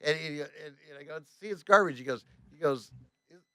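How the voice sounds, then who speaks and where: A man, a tour bus driver, telling a story on a podcast in a casual, animated and profane way, acting out both sides of a conversation. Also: on the high side, a little fast, no room sound. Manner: animated, profane, reenacts dialogue with "I go, he goes".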